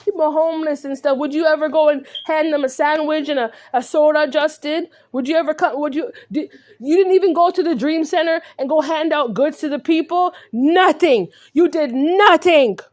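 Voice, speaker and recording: A woman's voice: sits high, fairly even intonation, fairly quick, few pauses, a little mellow. A woman in an angry, confrontational rant to the camera, repeatedly asking "right?". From California. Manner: confrontational, repetitive, peppered with "right?". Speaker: vlogger.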